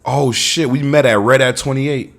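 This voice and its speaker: A man, a stand-up comedian telling a personal story on a podcast in a lively, acted-out way. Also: mid-range voice, moderate pace, gravelly. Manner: animated storyteller acting out dialogue, swears freely.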